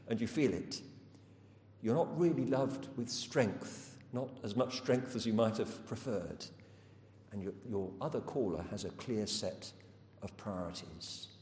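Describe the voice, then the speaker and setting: A man preaching a sermon, telling stories and asking earnest rhetorical questions. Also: a little mellow. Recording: echoey hall with faint rumble.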